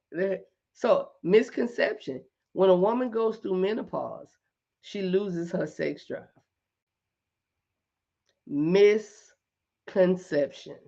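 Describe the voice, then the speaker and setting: Slow, gravelly middle-aged woman host. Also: lowish voice, dull audio. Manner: animated, emphatic repetition, laughs often. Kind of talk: casual live chat to viewers.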